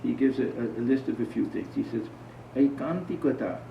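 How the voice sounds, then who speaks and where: Monk, conversational storyteller, gravelly voice, recorded from afar in an echoey room. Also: male voice, medium pitch, fairly quick, a little hiss or hum. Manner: conversational, asks the audience questions. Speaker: monk giving a spiritual talk. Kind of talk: informal spiritual talk with storytelling. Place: talk to a small gathering. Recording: roomy, distant, dull sound.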